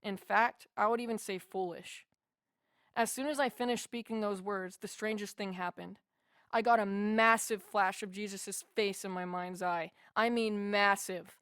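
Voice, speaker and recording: A woman's voice: mid-range voice, fairly even intonation, a little slow, a bit bright, clean tone, no echo, clean studio sound. A woman narrating a first-person memoir as an audiobook, in an earnest, heartfelt way.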